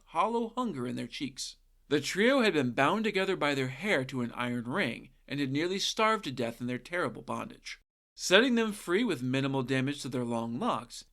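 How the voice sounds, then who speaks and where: A man narrating an old folktale with a voice that swoops up and down in a lively way. His tone is irreverent and cheeky, full of swearing and sarcastic side comments. His voice sits a bit higher than most men's. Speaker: podcast host and storyteller.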